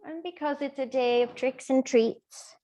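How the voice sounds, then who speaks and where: A woman teaching a gentle yoga class, with soft, playful step-by-step cues. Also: high-pitched, highs cut off. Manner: soft, slow, playful cueing.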